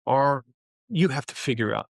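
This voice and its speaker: Older male interview guest, animated storyteller, medium pitch, dry close mic. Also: moderate pace, creaky, no echo. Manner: animated storyteller, heavy use of "you know" and "man". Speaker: guest, former pro basketball player.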